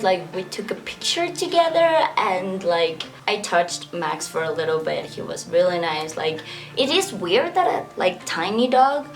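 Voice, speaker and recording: Young woman, vlogger, casual story time, lots of "like" and laughter, faint music underneath. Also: on the low side. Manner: chatty, fills speech with "like" and laughs.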